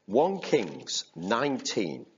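A man's voice: lowish voice, huge pitch swings, takes it slowly, muffled recording, a little hiss or hum. A man preaching a sermon, reading scripture aloud and repeating key phrases for emphasis in a conversational way.

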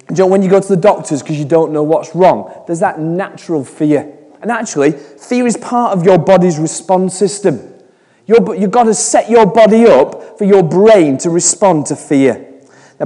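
A man's voice: on the high side, dark tone, in a large hall. A man in his forties giving a chatty sermon, telling stories with frequent restarts. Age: 40s. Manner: chatty storytelling with repeated restarts. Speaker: preacher.

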